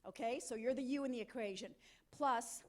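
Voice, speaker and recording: A middle-aged woman giving an energetic, interactive motivational talk at a conference, coaxing volunteers from the audience. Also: fairly high pitch, a little fast. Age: middle-aged or older. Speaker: conference keynote speaker. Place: conference hall.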